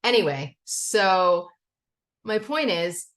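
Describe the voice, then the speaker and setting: A woman's voice: mid-range voice, slow pace. A middle-aged woman speaking candidly in a recovery step study. She talks casually with frequent "okay?" and "like" and swears freely. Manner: candid, animated, acts out quotes of family. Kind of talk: personal share in a recovery meeting.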